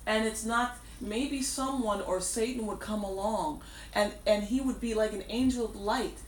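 A woman's voice: medium pitch, normal speed. A woman preaching a sermon, emphatic, repeating her key phrases for weight. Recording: echoey room, distant mic, faint background noise.

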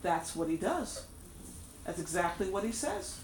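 A woman's voice: fairly low pitch, very animated, unhurried, a little mellow. Woman preacher, emphatic and repetitive, roomy echo, mic set back from her. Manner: emphatic, repeats key phrases. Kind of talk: sermon. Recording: echoey room, distant mic, faint background noise.

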